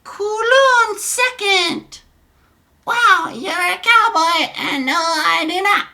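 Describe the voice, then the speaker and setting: Guy doing a super high squeaky teen girl, slow and drawn out, squealy. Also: gravelly, bright, forceful tone, full character voice. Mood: bubbly.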